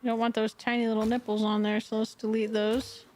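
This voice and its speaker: A woman's voice: fairly high pitch, completely flat delivery, brisk, a little mellow, a little hiss or hum. A woman streaming, chatting casually, often laughing and talking fondly to her dog. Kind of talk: casual live-stream chat.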